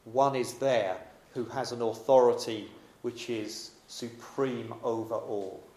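A man's voice: medium pitch, fairly even intonation, slow, mellow. A man preaching a sermon in a dramatic, emphatic yet conversational way. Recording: echoey room.

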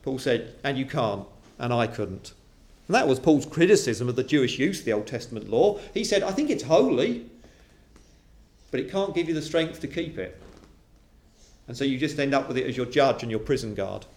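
A man preaching a sermon to a congregation, animated and acting out quoted voices. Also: medium pitch, fairly quick. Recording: roomy echo of a hall.

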